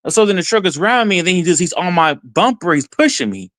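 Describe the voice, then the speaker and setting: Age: adult. Sex: man. Style: excited first-person storytelling as a podcast guest. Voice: fairly high, dry. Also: fast, no echo. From Texas. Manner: excited, retells events with quoted self-talk.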